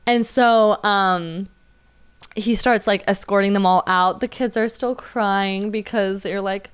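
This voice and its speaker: A woman's voice: slow, smooth. A young woman, a waitress, telling stories in casual chat and acting out the people in them. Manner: animated, acts out quotes in high voices. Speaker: podcast guest, waitress.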